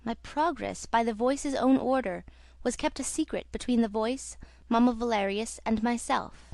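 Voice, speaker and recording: A devoted young female singer pours out her story, read by a woman in a storybook telling. The voice sits fairly high and soft, and the recording is dry and close. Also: normal speed, gravelly, dry recording. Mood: confiding. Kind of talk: audiobook reading.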